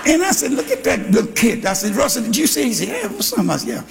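An older man from Texas, preaching a sermon with shouting and animated storytelling. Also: extremely high pitch, quick pace, gravelly, background noise. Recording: live church hall with congregation.

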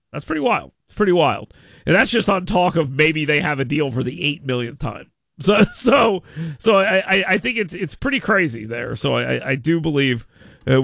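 A male radio show host in casual talk radio banter, animated and rambling, often restarting words and stammering. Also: mid-range voice, vocal fry, no echo, clean studio sound.

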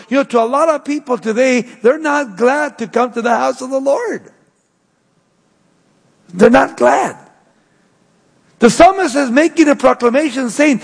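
A man with a high, husky voice preaches a sermon, swinging sharply between raised, urgent lines and low, hushed ones. The sound carries a long hall reverb, as if from a church sanctuary. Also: measured pace. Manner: preaching with sweeping rises and drops in pitch. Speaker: pastor.

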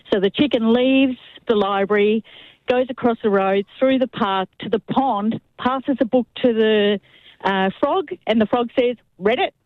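A woman calling a radio show and telling a longer joke in a steady, unhurried storytelling way. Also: mid-range voice, dry recording. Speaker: caller. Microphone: phone. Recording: dull phone line.

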